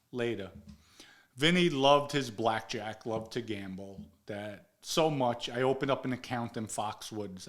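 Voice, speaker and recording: A man's voice: lowish voice, a bit bright. A man in his forties telling a story casually, swearing freely and acting out what others said. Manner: profane, acts out quoted dialogue. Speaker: guest storyteller.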